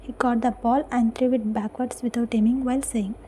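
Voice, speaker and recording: A woman reading a fan-fiction story aloud as its narrator, in a soft, breathy near-whisper. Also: a little high, fairly even intonation, fairly quick, a little hiss or hum, poor audio.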